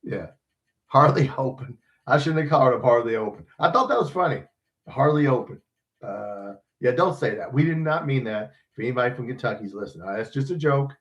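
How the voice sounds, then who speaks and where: A man's voice: medium pitch, lively intonation, brisk, fairly bright tone, muffled recording. A man hosting a casual sports podcast, rambling and joking with profanity. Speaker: podcast host.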